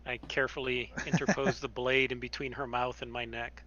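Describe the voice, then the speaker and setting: A man's voice: medium pitch, level tone, fairly quick, sharp tone, lo-fi sound. A man playing a tabletop game, brief and matter-of-fact about the rules. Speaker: player. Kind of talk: casual chat at a game table.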